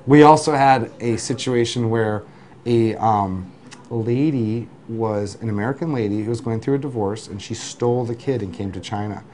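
A man who runs a delivery business, telling lively work anecdotes in an interview, with restarts and acted-out quotes. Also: mid-range voice, normal speed, a little hiss or hum. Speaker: food delivery business owner. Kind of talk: interview storytelling.

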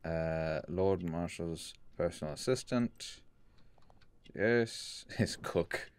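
Deadpan gravelly man, low and slow. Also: no room sound. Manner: dry, deadpan. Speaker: gaming YouTuber. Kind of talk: let's play commentary. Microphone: studio condenser mic.

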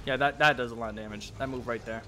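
A young man giving casual let's-play commentary, swearing and talking back to the monster, with sudden yells. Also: mid-range voice, fairly even intonation, quick pace, soft background music. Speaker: gameplay commentator.

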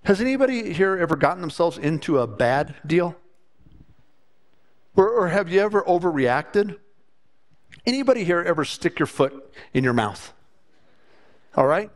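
Earnest pastor preaching from the stage. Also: male voice, high voice, sing-song, normal speed, pauses often. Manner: earnest, repeats words when starting a thought. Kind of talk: sermon. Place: church.

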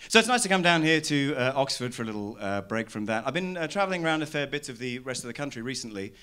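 Bright-voiced man doing stand-up. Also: mid-range voice, fast, clear, resonant tone. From London. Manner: deadpan storytelling, rising to loud rants. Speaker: stand-up comedian. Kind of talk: stand-up comedy set. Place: small arts venue with live audience.

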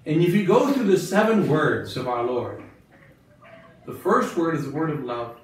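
The bishop's voice comes across a little high and expressive at a moderate pace, with slight hiss or hum. He questions the religious sisters and repeats phrases for emphasis during his catechism talk, picked up by a distant mic in a very reverberant room.

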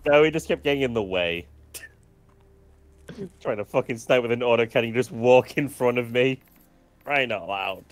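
A man's voice: mid-range voice, moderate pace, long pauses. A man teasing friends and swearing in casual chat during a co-op game. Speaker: co-op player.

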